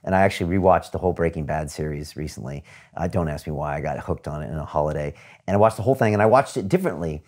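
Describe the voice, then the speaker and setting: A man hosts a relaxed, conversational interview and tosses in quick questions and asides. His voice sits very low, and he talks fast. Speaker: interview host.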